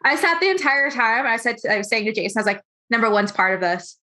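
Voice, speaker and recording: A young woman hosts a relaxed interview over a call, telling stories in an animated, rambling way. Her voice sits a little high and comes across bright and sharp. She keeps tripping over and restarting her sentences. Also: fast talker. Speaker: host. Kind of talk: casual interview chat.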